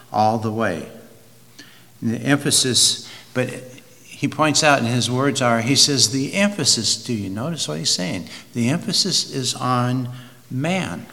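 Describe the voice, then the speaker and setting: A man preaching slowly and deliberately, leaning on key words as his bright voice carries. His sermon rings through a hall with a long reverb trail. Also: medium pitch. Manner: slow, deliberate, with emphatic rises.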